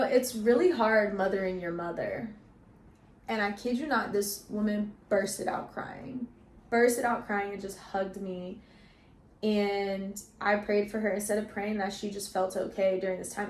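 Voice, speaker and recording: A woman's voice: mid-range voice, steady tone, normal speed, slight background noise. Chatty young woman in an echoey bedroom. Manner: chatty, storytelling, uses slang like "y'all" and "you feel me". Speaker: vlogger. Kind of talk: casual vlog chat. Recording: echoey room.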